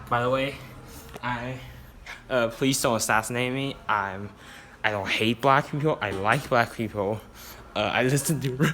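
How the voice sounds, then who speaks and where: Teen guy vlogging in his kitchen, slow joking rambling, lots of swearing, hissy phone audio. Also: medium pitch, sharp tone. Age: teens. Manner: brash, joking, heavy swearing, rambling asides. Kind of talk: casual rambling cooking vlog. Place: home kitchen.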